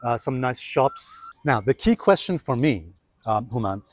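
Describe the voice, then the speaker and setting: A man's voice: medium pitch, very animated, unhurried. A man hosting a casual market commentary vlog, chatty and explaining step by step to viewers while walking city streets. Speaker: trading video host.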